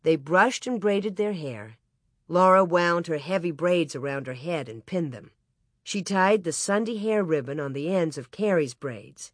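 An audiobook narrator reading a children's story aloud in an even, clear way. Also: mid-range voice, unhurried, no room sound, studio quality.

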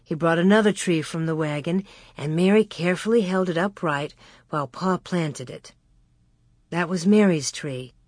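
A woman reading a children's novel aloud in a measured, even storytelling manner. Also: lowish voice, slightly rough, no room sound, studio quality. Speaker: audiobook narrator. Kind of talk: scripted narration.

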